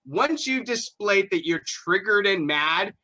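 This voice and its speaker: Bright-voiced man ranting. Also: sits high, expressive, a little slow. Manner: emphatic, profane ranting. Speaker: podcast host. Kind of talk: casual opinion chat.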